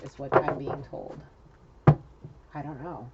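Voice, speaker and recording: Low-voiced woman reading tarot, profane. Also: slow pace, vocal fry, pauses often. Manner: excitable, profane, chatty. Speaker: tarot card reader. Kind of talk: casual spoken card reading. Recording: lo-fi with loud hiss.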